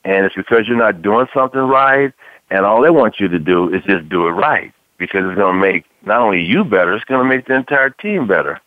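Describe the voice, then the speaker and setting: Radio sports co-host, male, lowish voice, laid-back, thin phone-like sound. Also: expressive, dry recording. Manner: conversational, drawn-out, repeats "man". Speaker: sports talk show co-host, former football player. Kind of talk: casual radio sports talk.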